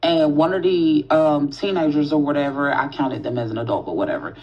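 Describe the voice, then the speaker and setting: A woman telling a spooky childhood story in a casual, animated way, swearing freely and talking straight to her listeners. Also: sits low, a little fast. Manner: animated, profane, talks straight to the audience. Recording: dull lo-fi audio.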